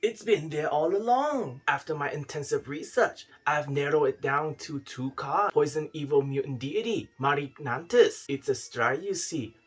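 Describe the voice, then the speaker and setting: A man putting on an Australian adventurer. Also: husky. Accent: Australian, put on. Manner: jokey put-on slang, soft and low. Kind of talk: comic card-game reveal.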